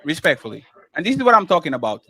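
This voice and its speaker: A man's voice: fairly high pitch, very animated, very fast, bright, forceful tone, dry recording. A man with a thick accent arguing on a streamed panel, insistent and repeating himself. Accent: thick accent, said by others. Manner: insistent, repeats himself, talks over others. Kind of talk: heated panel argument.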